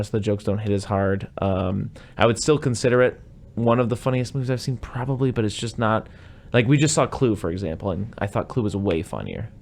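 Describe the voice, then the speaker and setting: A man hosting a podcast in a casual movie-review chat, rambling and retelling scenes in goofy voices. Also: on the low side. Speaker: podcast host.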